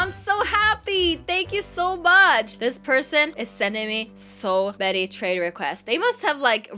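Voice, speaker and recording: A young woman gaming vlogger giving excited, gushing commentary over her gameplay, full of exclamations. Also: a little high.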